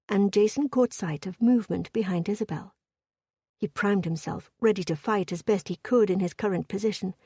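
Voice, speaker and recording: Female romance-audiobook narrator, measured and steady, warm breathy voice. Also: medium pitch, no echo, studio quality.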